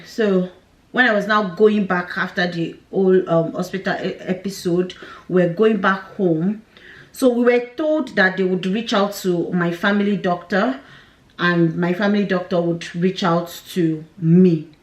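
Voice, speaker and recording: A woman's voice: on the low side, steady tone, a little slow, reverberant. A young woman, candidly and emotionally telling a personal story to camera, with nervous laughs. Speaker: vlogger.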